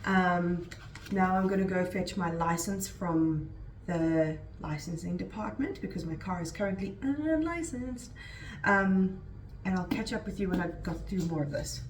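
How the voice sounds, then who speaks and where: A woman's voice: lowish voice, expressive, unhurried, echoey room, distant mic, a little hiss or hum, poor audio. A woman chatting casually as a book vlogger, rambling along with lots of "like" and "um". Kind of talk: casual vlog chat.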